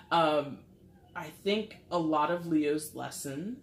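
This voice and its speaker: A woman with a low-pitched voice draws out her words while giving a chatty, rambling tarot reading to camera with many fillers. She's a tarot reader captured on a camera mic with a roomy echo.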